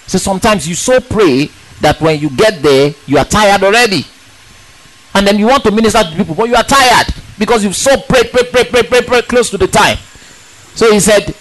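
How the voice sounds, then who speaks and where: A man preaching a sermon in an emphatic, animated way, asking rhetorical questions and repeating words for stress. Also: a little high, brisk, low-quality recording.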